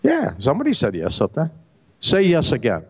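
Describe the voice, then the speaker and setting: Animated man telling a joke on stage. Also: brisk, breathy edge. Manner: animated, acts out the characters with pitch jumps. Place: festival stage before an audience.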